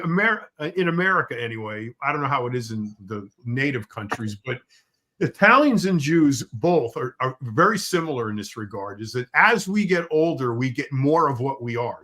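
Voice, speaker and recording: A man co-hosting a casual talk show, asking questions in halting bursts with many restarts. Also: medium pitch, lively intonation, sharp tone. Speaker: co-host. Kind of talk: casual chat.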